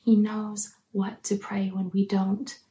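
Mellow-voiced woman preaching earnestly. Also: mid-range voice, completely flat delivery, slow pace. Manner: earnest and encouraging, drops to soft near-whispers. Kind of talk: sermon.

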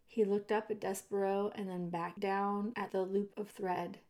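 A woman reads a children's storybook aloud at an unhurried, slow pace. Her telling is expressive, with lively shading of the story's moments. She speaks straight to the listener as she goes. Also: mid-range voice. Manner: expressive, addresses the listener directly. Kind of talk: reading a children's book aloud.

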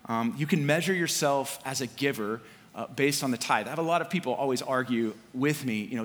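Casual preacher in a reverberant hall. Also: male voice, mid-range voice, brisk, fairly bright tone. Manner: conversational preaching with casual slang and fillers. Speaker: pastor. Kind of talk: sermon.

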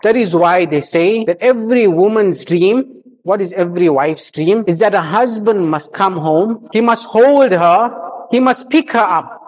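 A man's voice: sits high, darkish tone, poor audio. A man giving a marriage sermon, telling a humorous story and exhorting the congregation.

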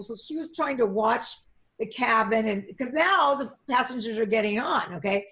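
A middle-aged woman telling lively anecdotes in an interview, jumping up in pitch as she acts out what people said. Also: moderate pace. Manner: animated, acts out quotes in a high excited voice, frequent restarts. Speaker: actress and flight attendant, interview guest. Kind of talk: conversational storytelling.

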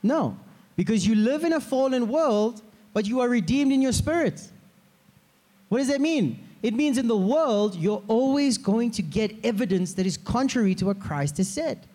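A man preaching a sermon as pastor, in a lively way, often asking the congregation to repeat words after him. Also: very high voice, a little slow. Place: church hall. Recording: long hall reverb.

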